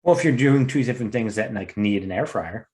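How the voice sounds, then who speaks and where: A man's voice: medium pitch, expressive, brisk, darkish tone. A young man co-hosting a podcast in casual chat, playful and insistent. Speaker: podcast co-host.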